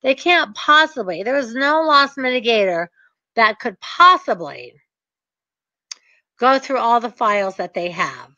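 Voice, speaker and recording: Confident woman real estate coach, bright and emphatic, slightly high voice, dull dry lo-fi recording. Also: very animated, unhurried, no room sound. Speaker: real estate investor and short sale coach. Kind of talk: teaching talk with acted examples.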